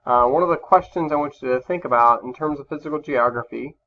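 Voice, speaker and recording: A man's voice: medium pitch, fast talker. A male teacher giving a recorded classroom lesson over slides, talking casually with many fillers and restarts. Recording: slightly dull lo-fi recording with faint background hum.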